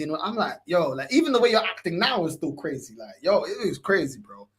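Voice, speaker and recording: A young man spins a story in casual podcast talk, acting out every quote. His voice is slightly husky and his pitch swings widely. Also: a little fast. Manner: animated storytelling, acting out quotes, laughs often. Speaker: podcast co-host. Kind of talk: casual chat.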